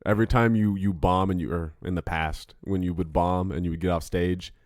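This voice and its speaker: Podcast co-host, man from the US, lowish voice, dry close mic, jokey. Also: steady tone, brisk, dry recording. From United States. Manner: joking, bursts into loud mocking patriotic rants. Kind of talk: casual podcast chat.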